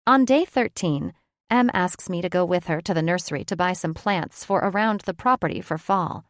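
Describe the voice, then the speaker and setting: A woman's voice: lowish voice, normal speed, no echo, clean studio sound. Reflective woman narrating an audiobook. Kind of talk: first-person audiobook narration.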